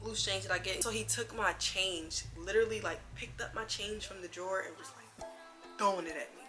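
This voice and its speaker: A young woman vlogger telling a storytime in an animated, slangy way, acting out the other people's lines as she goes. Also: medium pitch, brisk, music in the background. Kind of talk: casual storytime.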